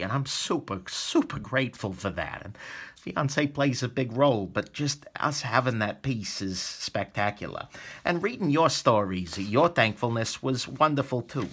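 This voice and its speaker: A man's voice: mid-range voice, fairly bright tone, husky. A young adult man hosting his own channel, talking casually and enthusiastically to viewers with jokey asides. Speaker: knife reviewer and channel host. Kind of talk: casual video talk to viewers.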